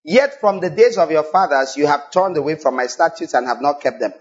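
A man preaching a sermon as a pastor, dropping low and then rising to high exclamations as he presses his point. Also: expressive, a little fast, highs cut off.

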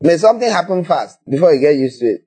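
A man with a Nigerian accent preaching a sermon, animated and acting out little scenes in other voices. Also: fairly high pitch, fast talker, husky.

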